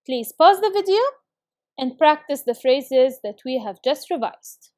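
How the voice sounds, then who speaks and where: A woman teaching a recorded English lesson with a clear, encouraging classroom delivery. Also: sits high, animated, unhurried, darkish tone, dry recording, clean studio sound.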